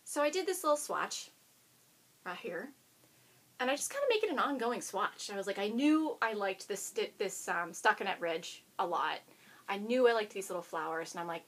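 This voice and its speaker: A woman's voice: medium pitch, sing-song, normal speed, a bit bright. A woman hosting a knitting video podcast, chatting casually and bubbly to the camera and talking to her dog now and then.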